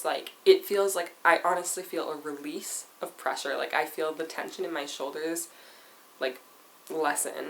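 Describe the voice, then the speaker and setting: Low-voiced chatty teenage girl. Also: a little hiss or hum, low-quality recording. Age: teens. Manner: chatty, rambling, says "like" constantly. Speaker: vlogger. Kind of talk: casual chat to camera.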